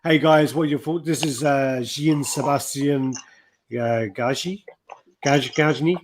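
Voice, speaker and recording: A man's voice: mid-range voice, measured pace. Rambling, sweary man. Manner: sweary, rambling, reads viewer comments aloud. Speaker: livestream co-host. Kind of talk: casual chat.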